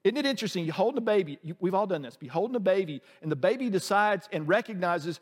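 A man's voice: high voice, lively intonation, fast talker, hardly any pauses, big-room sound. A male pastor preaching a sermon in a church, conversational and humorous, often asking the congregation questions. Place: church sanctuary.

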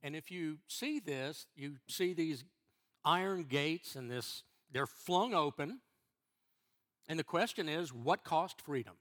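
A middle-aged man, a church elder, preaching a sermon in a halting way, repeating words and restarting before stressing key phrases. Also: a little high, animated, a bit bright.

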